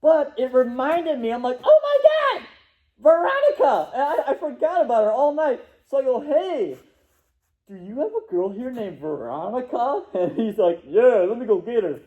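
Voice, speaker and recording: A man's voice: very high voice, animated, moderate pace, phone-quality sound. A young man casually telling a rambling story, laughing and acting out what people said. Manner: rambling, laughing, acts out quotes.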